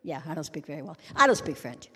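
Her voice sits low, with big pitch swings, and comes across pushed, bright, and husky as she talks fast. A middle-aged church speaker, she gives a humorous sermon full of wry stories, jokes, and acted-out scenes, with long hall reverb.

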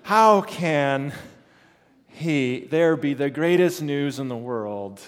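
A man's voice: fairly high pitch, lively intonation, takes it slowly, clear, resonant tone, long reverb tail. A man playing a young boy who is exasperated by piano lessons, with a whiny, incredulous tone.

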